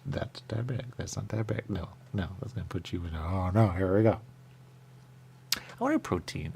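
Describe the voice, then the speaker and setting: Gravelly and deep with a darkish tone, his voice carries a little hiss or hum. He's a radio host tasting pastries in loose, playful chat, rambling and skipping from thought to thought.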